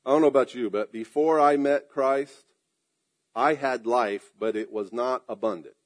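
A man preaching a sermon, drawing out emphatic phrases and dropping into quiet asides, clearing his throat now and then. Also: medium pitch, normal speed. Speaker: pastor.

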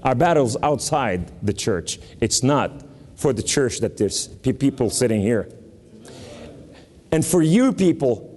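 Slow, lively New York preacher. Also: male voice, mid-range voice, long reverb tail. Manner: emphatic, preaching with scripture quotes. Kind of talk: sermon.

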